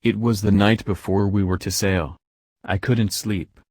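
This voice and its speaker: A man reading a novel aloud as an audiobook narrator, measured and even, on a close mic. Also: lowish voice, no echo. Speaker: audiobook reader.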